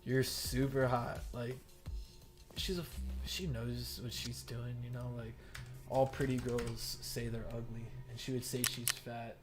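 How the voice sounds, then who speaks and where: A man's voice: mid-range voice, steady tone, measured pace, music in the background. A young adult man streaming a game, telling a rambling story full of "like" fillers and swearing. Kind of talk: casual storytelling. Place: home gaming setup.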